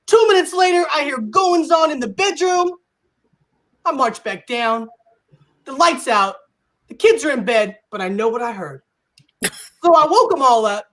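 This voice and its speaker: A woman in her forties performing a stand-up comedy set on a live stage, animated and acting out dialogue in playful voices. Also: high-pitched, a little slow.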